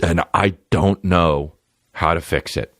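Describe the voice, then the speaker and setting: A man in his forties, a comedian hosting his podcast, riffing crude jokes in an animated way and jumping into high silly voices. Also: slow, no room sound, clean studio sound. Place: podcast studio. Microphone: studio microphone.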